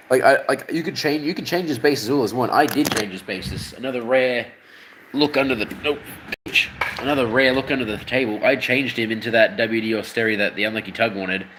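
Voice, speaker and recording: An Australian man chats loosely on a livestream, swearing freely and chuckling between thoughts. His voice sits at an ordinary male pitch, and he talks in a rambling, offhand way. There is a faint hum of room ambience behind him. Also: normal speed. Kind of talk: casual livestream chat.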